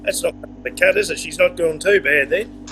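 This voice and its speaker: A man's voice: a little high, bright, forceful tone, soft background music. Laid-back man on a phone. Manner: laid-back, blunt, halting. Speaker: co-host. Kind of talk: casual chat.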